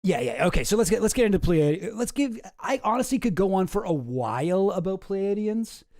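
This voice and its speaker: Mellow, wry, rambling male commentator. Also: high voice, sing-song, normal speed, dry recording, studio quality. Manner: rambling, self-interrupting, wry. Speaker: YouTube commentary host. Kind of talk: casual comedic commentary.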